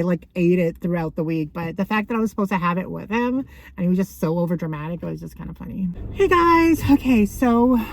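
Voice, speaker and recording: A woman in her thirties telling stories in a rambling, casual vlog, often correcting herself and laughing. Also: mid-range voice. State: out of breath. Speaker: vlogger. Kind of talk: casual chatty storytelling.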